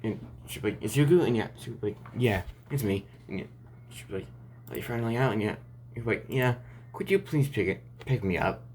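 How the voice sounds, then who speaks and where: A man's voice: on the low side, expressive, a little fast, a little hiss or hum. A man improvising a fan story aloud, rambling and restarting often between lines.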